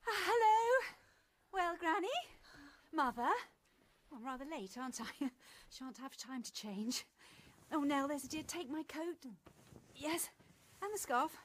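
An actress playing a flighty young wife in an old film drama, airy and quick to defy. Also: female voice, high-pitched, lively intonation, slight background noise. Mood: breezy.

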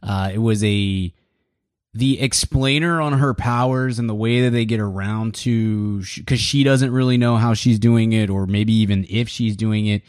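A man with a lower voice talks casually on a podcast. He is relaxed and measured, with a dry, close sound. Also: no echo. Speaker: podcast co-host. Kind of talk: casual chat about movies.

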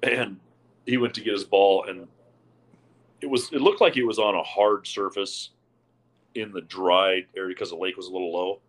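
A man's voice: sits low, normal speed, long pauses. A man co-hosting a podcast, telling a profane story and laughing through it. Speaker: podcast co-host. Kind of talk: casual chat.

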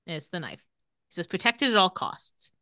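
A woman's voice: fairly low pitch, fairly quick, dry recording, studio quality. A young adult woman co-hosting a podcast, recapping a TV episode in casual chat and acting out the characters' lines as she goes. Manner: animated, acts out characters' lines while recapping. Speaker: podcast co-host.

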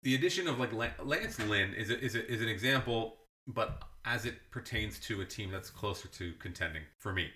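A lower-pitched man with a bright, forceful tone, rambling through casual sports talk and often correcting himself mid-sentence. His dry humor runs through the chat, and the room around him sounds echoey. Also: lively intonation, a little fast. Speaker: podcast co-host.

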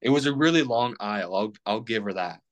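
A man's voice: lowish voice, expressive, a little fast, dull audio. A young man in his twenties, a podcast guest rambling casually with plenty of fillers and restarts. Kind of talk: casual chat.

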